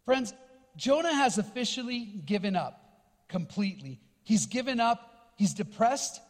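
Male guest minister, very high pitch, emphatic animated sermon delivery, long church-hall reverb. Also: unhurried. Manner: animated, emphatic preaching with repeated words.

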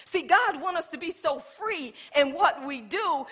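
Woman pastor preaching, high voice, talks right to the congregation, acts out little scenes. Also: expressive, a little slow, few pauses, fairly bright tone. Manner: colloquial preaching, calling out to the congregation. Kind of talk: sermon.

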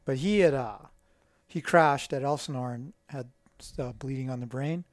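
A middle-aged man, a guest, telling stories in a casual, animated way and acting out the voices of people in them. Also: medium pitch, normal speed, dry recording. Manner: animated, acts out quoted dialogue. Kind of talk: casual storytelling.

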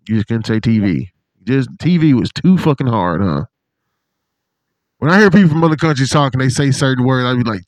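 A man in casual chat with a friend, an animated, profane storyteller who acts out what others said. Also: mid-range voice, brisk, dry recording. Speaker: podcast co-host.

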